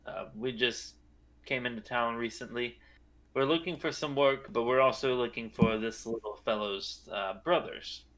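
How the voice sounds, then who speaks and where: Man, tabletop player in character, mid pitch, bright tone, polite, steady. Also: moderate pace. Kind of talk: in-character tabletop role-play.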